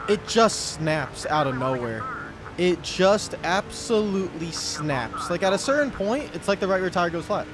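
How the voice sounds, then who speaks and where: A young man commenting on his own racing game play, muttering to himself and yelling when things go wrong. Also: high voice, moderate pace, over music. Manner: excitable, yells when wrecked, mutters to himself. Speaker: gaming YouTuber.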